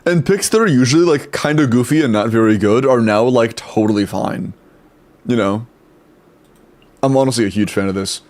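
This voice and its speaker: Young adult male streamer, relaxed chatter, quick greetings, casual cursing. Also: mid-range voice. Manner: chatty, greets chat rapidly, swears casually. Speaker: streamer reviewing game accounts. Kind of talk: casual live stream chat.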